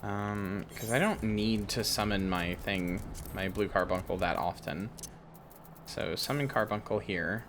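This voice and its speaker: A man's voice: fairly low pitch, unhurried, a bit bright, a little hiss or hum. A man livestreaming a game, chatting casually with viewers, joking and swearing. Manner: swearing, joking banter with chat. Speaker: streamer. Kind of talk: casual game stream chat.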